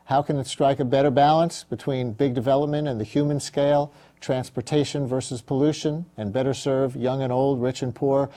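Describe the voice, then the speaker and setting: A man hosting a TV interview, reading a measured scripted intro then asking quick questions in a studio. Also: mid-range voice, steady tone, warm tone. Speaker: host.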